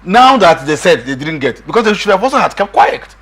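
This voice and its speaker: Man, middle-aged, husky, high voice, very lively pitch, emphatic talk-show guest. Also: a little fast. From Nigeria. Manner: emphatic, repeats himself, quotes others in raised voice. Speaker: political guest. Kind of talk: animated political discussion.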